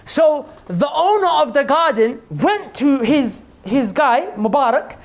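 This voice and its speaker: A man preaching to an audience in a mosque hall, telling a story with lively delivery. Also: extremely high pitch, takes it slowly. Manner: animated storyteller, addresses audience as brothers. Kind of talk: storytelling sermon.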